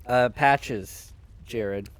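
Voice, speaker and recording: A young man chatting casually on a game stream, with deadpan, jokey delivery. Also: mid-range voice, drawn-out words.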